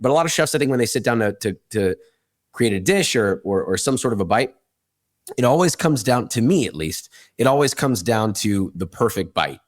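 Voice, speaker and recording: Male chef guest, lively pitch swings, emphatic and enthusiastic, dry sound. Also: a little fast, no room sound. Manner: enthusiastic, emphatic, swears casually. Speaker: chef and cookbook author, guest. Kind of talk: casual interview chat.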